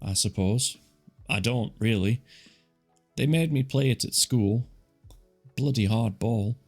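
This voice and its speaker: Taking his time, a man with a medium-pitched, slightly mellow voice narrates a novel live while faint music plays. He's an audiobook narrator in a relaxed mood who keeps pausing to remark on the text and fix his own mistakes.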